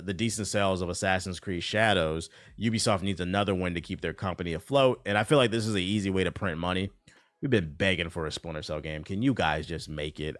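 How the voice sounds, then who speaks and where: A man's voice: deep voice, fairly bright tone, no echo. A man streaming live, reacting to gaming news and casually chatting with viewers in a laid-back, profane way.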